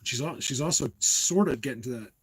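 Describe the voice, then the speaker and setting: A husky middle-aged man from New Jersey hosts a casual live stream, talking straight to his chat. He drifts from one tangent to the next and laughs often along the way. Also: medium pitch, brisk, poor audio. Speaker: livestream host.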